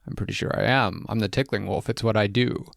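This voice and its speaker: A man's voice: lowish voice, fairly even intonation, quick pace, creaky, no echo, studio quality. A man voicing a playful, stubborn male wolf who tickles trespassers, in a matter-of-fact storybook manner.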